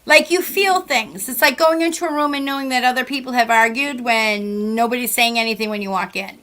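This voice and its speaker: High bright Massachusetts-accented woman. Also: a little fast. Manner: chatty, warm storytelling with frequent "like". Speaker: psychic medium guest. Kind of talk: casual radio chat with readings.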